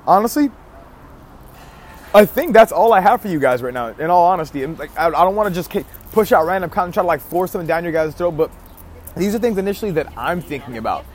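A man's voice: high voice, lively intonation, fast. A man talking to his viewers in a casual vlog about marketing, emphatic, with key phrases repeated and frequent restarts. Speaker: marketing vlogger. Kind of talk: casual marketing advice talk to camera.

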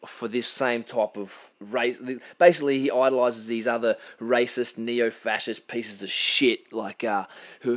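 Blunt, impassioned Australian man. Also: lowish voice. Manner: blunt, impassioned, halting with restarts. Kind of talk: unscripted spoken commentary.

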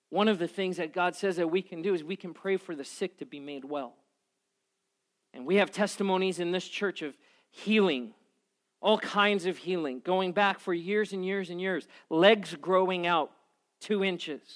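A man preaching as a pastor, moving from quiet prayer to lively, animated storytelling. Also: a little high, normal speed. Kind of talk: sermon.

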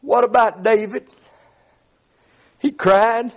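Fervent high-voiced preacher. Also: male voice, a little slow. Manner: fervent preaching, frequent "uh" fillers, shouted peaks. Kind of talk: sermon.

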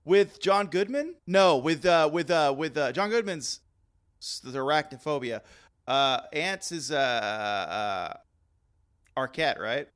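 A man's voice: fairly high pitch, expressive, slow pace, fairly bright tone, smooth. A man hosting a podcast in loose banter who rambles and laughs often. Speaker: podcast host.

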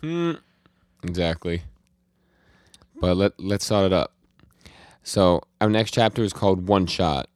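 A man's voice: low voice, expressive, unhurried, long pauses, dry recording, studio quality. A man co-hosting a podcast, casually recapping manga chapters and acting out the characters' lines as he goes. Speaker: podcast co-host.

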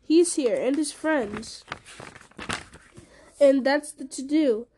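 A woman's voice: high voice, slow, warm tone, slight background noise. A woman reading aloud, voicing a loyal, plain-spoken male hobbit with homely, earnest speech.

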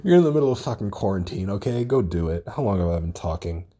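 A man's voice: low-pitched, quick pace, slightly rough. Rambling, swearing young man podcaster. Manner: rambling and excitable, swears a lot. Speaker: podcast host. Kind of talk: casual solo podcast monologue.

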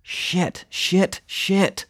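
A man voicing a bold, stubborn sixteen-year-old girl in an audiobook, lifting his voice into a higher, girlish delivery. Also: very slow, a bit bright, dry recording, studio quality, heavily acted. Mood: frustrated. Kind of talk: audiobook character voice.

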